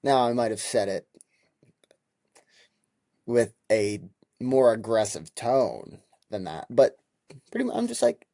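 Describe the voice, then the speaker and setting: A man's voice: mid-range voice, slow, creaky, long pauses, no room sound, clean studio sound. A young man in his twenties, hosting a podcast and telling a heated, profane story in a casual monologue. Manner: heated, profane, animated retelling. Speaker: podcast host.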